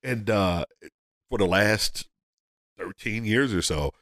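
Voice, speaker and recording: A man, a comedian guest on a podcast, telling a story casually and acting out the people in it with sudden jumps in pitch. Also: slow pace, no echo, studio quality. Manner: animated, acts out quotes with big pitch jumps.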